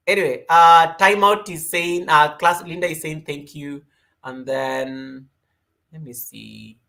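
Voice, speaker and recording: A woman from Kenya hosts a relaxed yoga stream in her Kenyan accent, unhurried as she talks through viewer comments. She rambles, greets people by name, and her voice often climbs sharply in pitch and volume.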